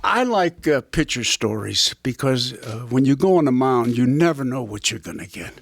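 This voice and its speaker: A man's voice: medium pitch, expressive, moderate pace, gravelly, no room sound, studio quality. An older man, a former catcher and broadcaster, telling rambling baseball anecdotes with punchlines to a small audience. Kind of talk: casual storytelling to a small audience.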